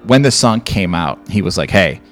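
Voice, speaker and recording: Chicago man, lowish voice, loose rambling podcast co-host, soft music under him. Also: animated, moderate pace. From Chicago area. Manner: rambling, many restarts and fillers. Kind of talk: casual chat.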